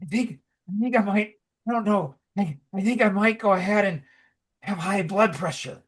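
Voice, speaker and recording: A middle-aged man with a slightly high voice, chatting loosely on a podcast. He rambles, circles back on himself and fills his talk with "like" and "you know," breaking into lively asides. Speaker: podcast co-host. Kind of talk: casual conversational podcast talk.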